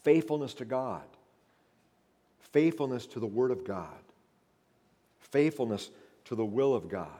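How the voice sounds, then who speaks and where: A male pastor preaches with fervent emphasis and calls his listeners beloved. His voice sits at a middle pitch and carries a long reverb, as if filling a large hall. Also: animated, unhurried, pauses often, dark tone. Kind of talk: sermon.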